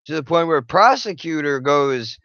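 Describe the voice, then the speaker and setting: A man's voice: fairly high pitch, expressive, normal speed, fairly bright tone, dry recording, muffled recording. A young man hosting his own channel, bluntly telling a personal story with frank, profane language. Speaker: channel host.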